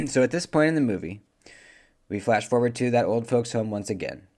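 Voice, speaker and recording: A man's voice: medium pitch, lively intonation, moderate pace, darkish tone. A man reviewing a movie, casually retelling the plot in a rambling way with lots of fillers and self-corrections.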